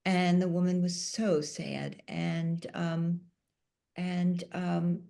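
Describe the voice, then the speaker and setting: A woman on a panel, telling a personal story in a soft-spoken, emotional way. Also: on the low side, flat delivery, extremely slow, gravelly. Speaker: panel speaker.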